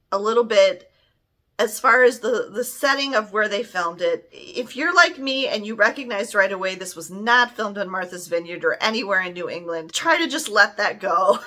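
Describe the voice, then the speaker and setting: Chatty bright-voiced woman reviewer. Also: mid-range voice. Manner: chatty, rambling, laughs often. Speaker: movie reviewer. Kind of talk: casual spoken review.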